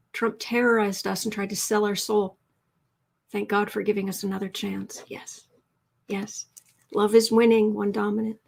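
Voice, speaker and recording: A woman hosting a live tarot stream from home, excited and teary, her voice shaky as she chats and laughs. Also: mid-range voice, creaky, slightly rough. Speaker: tarot reader host. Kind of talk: emotional live-stream chat.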